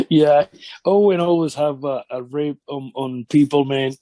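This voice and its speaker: Guy in his 50s, broken english, laughing through old stories, warm low-key tone, dry mic. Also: dry recording. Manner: animated anecdotes, non-native English grammar. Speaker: interview guest, former wrestler. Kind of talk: shoot interview storytelling.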